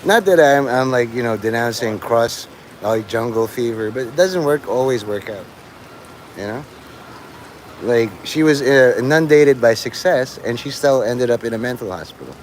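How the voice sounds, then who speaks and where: Man, middle pitch, meandering and foul-mouthed live streamer talking outside, light rain hiss behind. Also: moderate pace, poor audio. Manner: profane, meandering, full of fillers. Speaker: livestreamer. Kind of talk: rambling live stream monologue. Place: outdoors in the rain.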